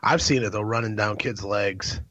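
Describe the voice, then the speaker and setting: A man's voice: on the low side, moderate pace, fairly bright tone, dry recording. A man co-hosting a podcast, telling rowdy, profane stories in casual chat. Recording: dull lo-fi mic.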